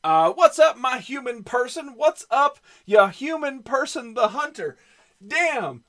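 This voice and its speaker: A man voicing a goofy, excitable guy who shouts greetings in a shrill, jokey way. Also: measured pace, exaggerated voice. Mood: hyped.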